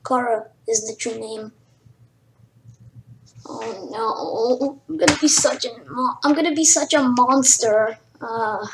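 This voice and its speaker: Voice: mid-range voice, slight background noise. A young player giving chatty let's play commentary, apologetic and swearing often. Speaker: gameplay commentator. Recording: roomy echo with game music.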